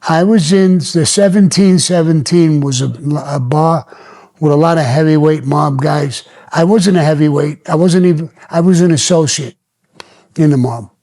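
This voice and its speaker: An older man tells his own stories on his storytelling podcast, blunt and plainspoken with plenty of profanity. His voice is on the high side and warm in tone, at a moderate pace.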